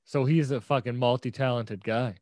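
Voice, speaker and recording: A man interviewing a rapper in a relaxed way, with short prompts and casual replies. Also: medium pitch, moderate pace, no room sound.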